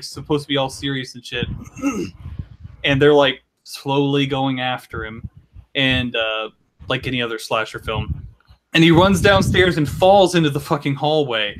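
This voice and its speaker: A man on a podcast rambling through an anime recap, swearing often and clearing his throat. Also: a little high, a bit bright. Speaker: podcast co-host. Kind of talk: casual chat.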